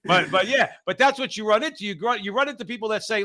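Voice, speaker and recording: A man in his fifties from New Jersey hosts a political talk show and tells his stories in an animated way. His voice is bright and sits a little high, and he loops back with repeats and asides. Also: quick pace. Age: 50s. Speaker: host.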